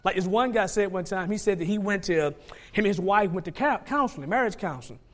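Male preacher, high voice, dynamic delivery that drops soft then builds loud, acts out quoted speakers. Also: fast talker. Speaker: pastor. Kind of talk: sermon.

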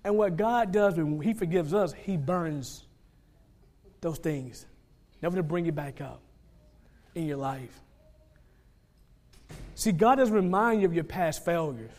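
A man preaching a sermon, swinging between soft, low asides and loud, rising exhortation, and acting out the people he quotes. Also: a little slow, pauses often. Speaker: pastor.

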